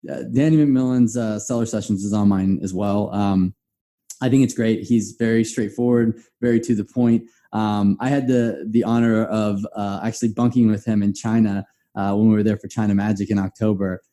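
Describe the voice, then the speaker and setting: A man's voice: on the low side, fairly even intonation, normal speed, dark tone. A man talking as a guest on a podcast, easygoing and laughing often, with many restarts. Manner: easygoing, laughs often, repeats words when starting. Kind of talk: casual podcast chat.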